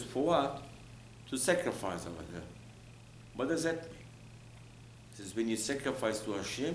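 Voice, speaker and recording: A man's voice: medium pitch, a bit bright, reverberant, slight background noise, rough recording. A male rabbi giving an emphatic Torah lecture, repeating phrases, asking rhetorical questions and mixing in Hebrew terms. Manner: mixes in Hebrew and Aramaic terms.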